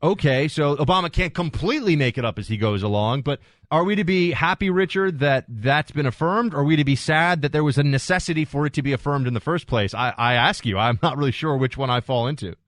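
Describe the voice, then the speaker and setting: A male radio host talking through calls and upcoming segments, with joking asides and quick restarts. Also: on the high side, lively intonation, no echo, studio quality. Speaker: radio talk show host. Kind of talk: talk radio monologue and call-in chat. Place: radio studio. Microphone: close studio mic.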